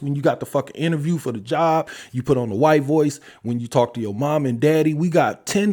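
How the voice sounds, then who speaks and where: An older man hosting a podcast, talking bluntly in casual commentary with heavy cursing and wide swings in pitch. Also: a little mellow. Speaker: podcast host. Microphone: podcast mic.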